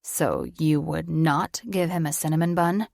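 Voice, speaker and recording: A woman's voice: low voice, steady tone, unhurried, vocal fry, darkish tone, no room sound. A woman narrating an audiobook and voicing a sarcastic young man who teases in dry, mocking banter. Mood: sardonic.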